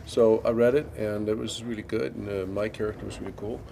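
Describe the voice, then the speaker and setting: A man in his fifties from Sweden, answering interview questions in a deadpan, dryly joking way. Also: lowish voice, a little fast, vocal fry, slight background noise. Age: 50s. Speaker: interviewee, actor. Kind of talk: casual interview chat. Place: indoors at a public venue.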